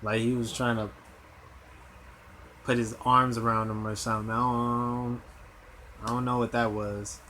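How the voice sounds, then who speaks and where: A man's voice: medium pitch, level tone, a little slow, pauses often, sharp tone, a little hiss or hum, low-quality recording. A man hosting a reaction video, commenting hesitantly and thinking aloud with ums. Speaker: host reacting to a clip.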